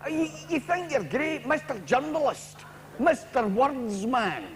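A man's voice: very high-pitched, big pitch swings, a little slow, exaggerated voice. A man with a Scottish accent voicing a gormless working-class football fan who talks in a rambling, blunt way, in a reverberant, noisy 1990s TV recording. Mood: needling.

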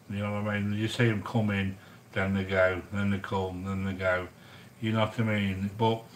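On a livestream, a middle-aged man makes a curry while chatting easily with his audience, addressing them as sweetheart in a matey, talkative way. He has a lowish, fairly bright voice, captured on a rough recording.

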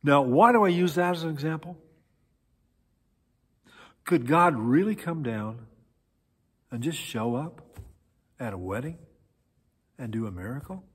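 A male pastor delivers a sermon in a husky voice, his pitch rising and falling in lively swings as he tells a story. He stops often to search for words, and the church hall around him gives a long, echoey reverb. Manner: animated storytelling with many pauses and fillers. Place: church sanctuary.

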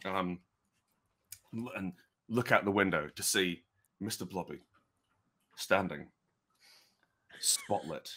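A man's voice: low-pitched, takes it slowly, long pauses, bright, forceful tone, husky. A man narrating as game master of a tabletop game, rambling and chatty with many restarts.

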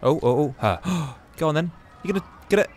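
A man talking his way through a video game with chatty, musing commentary. His pitch rises and falls a great deal, and he keeps breaking into exclamations. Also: animated, fairly quick, darkish tone. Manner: chatty, exclaims and muses aloud while playing. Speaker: gaming YouTuber. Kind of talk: casual gameplay commentary.

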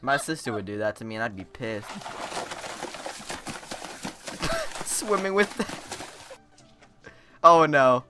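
A teenage man giving casual reaction commentary on videos as a YouTuber, excitable and laughing often as he cheers on the clips. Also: mid-range voice, very slow, long pauses, background noise. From United States. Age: teens.

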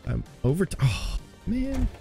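A man's voice: high voice, sing-song, takes it slowly, gravelly. A man chatting with his live chat while playing a shooter game, laughing often. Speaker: streamer. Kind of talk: casual live gameplay chat. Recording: game music and gunfire behind. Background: game sounds and gunfire.

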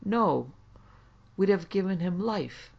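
A man voicing a sly young male vampire student who talks briskly and fawns when threatened. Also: fairly high pitch, fairly even intonation, vocal fry, dull audio. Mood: fawning. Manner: brisk, then fawning and pleading.

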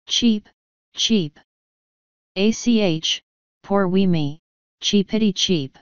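A woman voicing a tiny, brash male fairy warrior, shouting cocky rough slang. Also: medium pitch, slow, no echo, muffled recording, close to an everyday voice. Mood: mocking.

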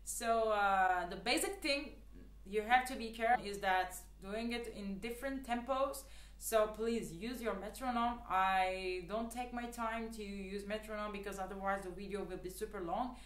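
A woman's voice: medium pitch, moderate pace, echoey room. A woman teaching the clarinet in a casual, chatty way, with lots of fillers and earnest, repeated advice. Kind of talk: casual spoken tutorial.

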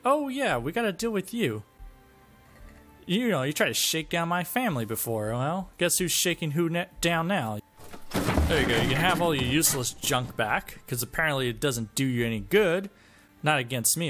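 A man narrates his gameplay with sarcastic jokes, frequent laughs and mild swearing. His pitch swings up and down with lots of animation and sits a little high for a man. He sounds like a casual let's-play commentator reacting as he goes. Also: very animated, moderate pace, fairly bright tone, faint music behind.

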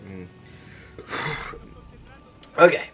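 A man giving casual gameplay commentary, excitable and swearing, with sudden shouts and laughs. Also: drawn-out words, recorded from a distance, slight background noise, rough recording. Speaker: gaming video host.

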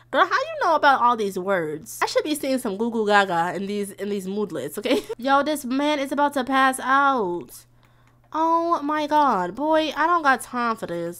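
A young woman giving casual let's-play commentary, chatty and yelling at the game characters. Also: on the high side. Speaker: gaming streamer.

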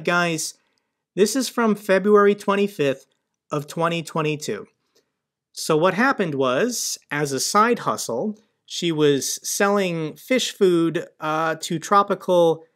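Male commentary host from the US, slow delivery, dry sardonic edge. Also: a little high, fairly bright tone. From United States. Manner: sardonic, mocking asides. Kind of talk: online news commentary.

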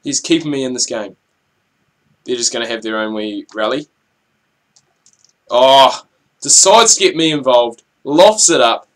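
A young man giving chatty, rambling commentary over his gameplay, with excitable outbursts at the action. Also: medium pitch, a little slow, long pauses. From New Zealand. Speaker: gaming channel host.

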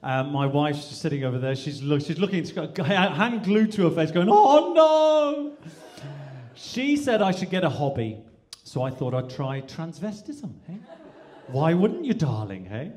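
Male stand-up comic from England, slightly high voice, very lively pitch, mimics accents, live stage. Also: moderate pace. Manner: animated, slipping in and out of mimicked accents. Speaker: stand-up comedian. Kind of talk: stand-up comedy routine.

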